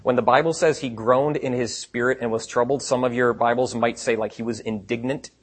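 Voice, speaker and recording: A man preaching a sermon in a conversational way, asking rhetorical questions and swinging between quiet asides and emphatic points. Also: medium pitch, fairly even intonation, a little fast, breathy edge. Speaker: pastor.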